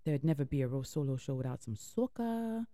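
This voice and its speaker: A woman's voice: a bass voice, expressive, brisk, dark tone, no echo, studio quality. A woman hosting an internet radio show, giving heartfelt, encouraging inspirational talk and repeating phrases for emphasis. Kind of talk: inspirational talk between music.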